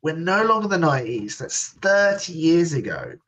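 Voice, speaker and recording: A man's voice: fairly high pitch, very animated, normal speed, fairly bright tone, poor audio. A man hosting a casual sports podcast, ranting sarcastically and laughing. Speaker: podcast host.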